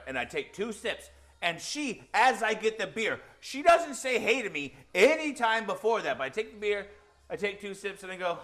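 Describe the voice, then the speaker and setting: A man co-hosting a podcast, telling a long anecdote in a casual, animated way and acting out the quotes. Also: sits high, normal speed, faint music behind. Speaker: podcast co-host. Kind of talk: casual storytelling.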